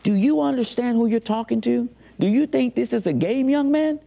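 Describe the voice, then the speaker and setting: A man's voice: medium pitch, sing-song, normal speed, vocal fry, slightly rough, exaggerated voice. A man acting out an angry, scornful male lawyer, his voice raised and scolding. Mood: indignant. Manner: loud, scolding.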